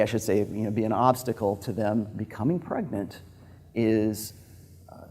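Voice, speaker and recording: A man's voice: lowish voice, darkish tone, a little hiss or hum. A man giving an informal, frank lecture to a group in a loose, digressive way. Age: adult with a daughter.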